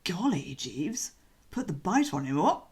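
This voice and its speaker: A woman voicing a cheerful young gentleman, breezy and chatty, in a bouncy, slangy audiobook reading. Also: lowish voice, sing-song, a little slow, slightly rough, pitched below the performer's own voice, exaggerated voice.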